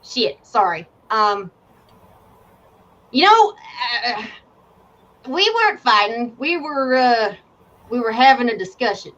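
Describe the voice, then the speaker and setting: Snarky tavern guy, done by a woman, high-pitched, lo-fi. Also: very animated, slow pace, pauses often, a bit bright, heavily acted. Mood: flustered. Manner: mocking, then flustered. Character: sarcastic bored male tavern player. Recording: dull lo-fi with faint hiss.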